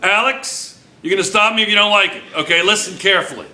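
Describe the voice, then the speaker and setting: A man's voice: high-pitched, fast talker, bright, forceful tone, echoey room. A male chemistry teacher lecturing a classroom, firing questions at students and repeating key points.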